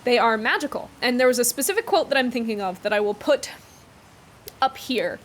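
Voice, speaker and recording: A woman's voice: a little high, animated, a little fast. Chatty woman reading aloud. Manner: chatty, enthusiastic asides. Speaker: book vlogger. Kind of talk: reading aloud with casual commentary.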